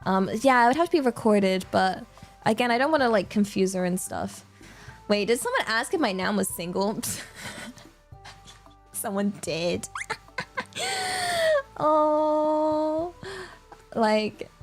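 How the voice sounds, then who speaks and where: A woman's voice: mid-range voice, animated, unhurried, long pauses, soft background music. A young woman with a British accent chatting casually on a livestream, rambling with lots of filler words and laughter. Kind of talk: casual stream chat.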